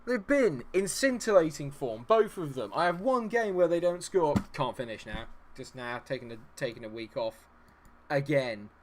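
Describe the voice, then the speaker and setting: A man's voice: a little high, animated, moderate pace, a little hiss or hum. A man streaming his own game, commentating live, exasperated, swearing and talking at the players on screen.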